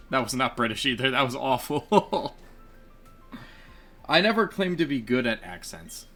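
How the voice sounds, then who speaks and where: A man narrates his game session in a loose, chatty way and laughs at himself often. His voice is bright and clear, and his pitch swings freely from line to line. He sounds like he is recording at a home desk mic. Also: lively intonation, a little slow, faint music behind. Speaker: let's play gamer. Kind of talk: casual gameplay commentary.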